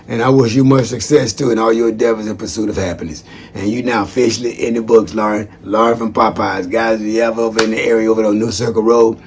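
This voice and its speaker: A man giving friendly shout-outs in a chatty, folksy monologue that wanders off on tangents. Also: lowish voice, a little hiss or hum. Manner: chatty, folksy, digressive, calls listeners "man". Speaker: former social worker. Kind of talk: casual rambling monologue.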